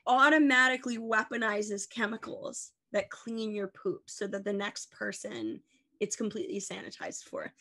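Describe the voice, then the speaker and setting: A woman's voice: mid-range voice, lively intonation, moderate pace, pushed and bright. A woman in her twenties co-hosting a podcast, chatting casually and rambling playfully through goofy tangents. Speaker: podcast co-host. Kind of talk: casual comedic chat.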